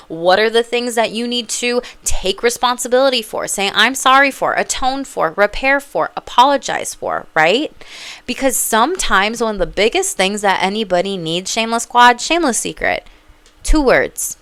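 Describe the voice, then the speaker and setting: A young woman gives life advice as a psychic coach, blunt and sassy, with swearing and loud outbursts of emphasis. Her voice is bright and crisply clear. It is recorded close up in a dry room. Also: on the high side, expressive, moderate pace, no room sound. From Minnesota. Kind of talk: casual advice monologue.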